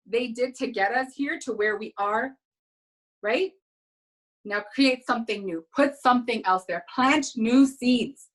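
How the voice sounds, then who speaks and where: High-voiced woman leading slow affirmations. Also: rough recording. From Caribbean heritage. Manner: energetic, coaching the audience to repeat after her. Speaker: speaker at an online women's event. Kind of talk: motivational talk with affirmations. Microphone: video call.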